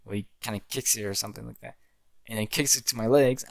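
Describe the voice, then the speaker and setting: A man's voice: medium pitch, steady tone, brisk, vocal fry, no echo. Rambling young man recalling his fan film. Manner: rambling, restarts often, acts out his own film lines. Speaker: amateur filmmaker. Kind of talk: casual storytelling.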